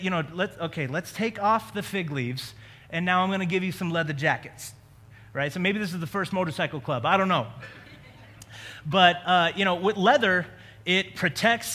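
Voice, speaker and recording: Preacher, male, high bright voice, chatty sermon with quips, long hall reverb. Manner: conversational preaching with joking asides. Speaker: pastor.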